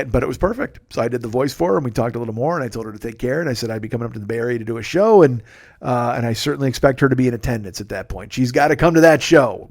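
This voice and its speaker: A man, a comedian telling a profane, rambling story on his podcast and often cutting himself off mid-sentence. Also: mid-range voice. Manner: profane, rambling, self-interrupting. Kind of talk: casual storytelling monologue.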